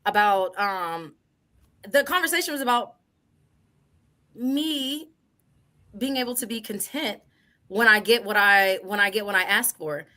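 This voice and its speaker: A woman's voice: mid-range voice, unhurried, pauses often, sharp tone. A woman on a podcast panel, explaining her side in earnest and repeating herself as she talks. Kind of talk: casual panel debate.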